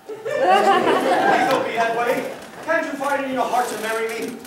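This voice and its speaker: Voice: medium pitch, fairly even intonation, moderate pace, a loud crowd, close to an everyday voice. A student actor playing an earnest, lovestruck young groom who pleads with his bride. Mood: pleading. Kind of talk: stage musical acting. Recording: echoey auditorium, distant mic, very noisy.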